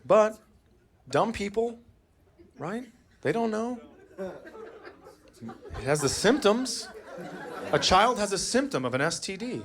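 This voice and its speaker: A man doing stand-up comedy on stage, profane and sardonic, with dry deadpan asides. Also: high-pitched, slow pace, long pauses. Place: comedy stage before a live audience. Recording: live audience laughter throughout.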